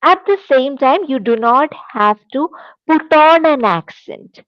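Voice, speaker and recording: A woman teacher with an Indian English accent, giving a classroom lecture in a slow, deliberate, emphatic way. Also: high-pitched, lively intonation, no room sound, highs cut off.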